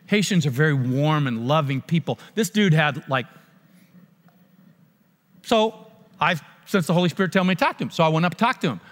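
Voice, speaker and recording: A man preaching a sermon, telling a mission story with animated, acted-out dialogue and frequent restarts. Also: a little high, brisk, long pauses, long reverb tail. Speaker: pastor.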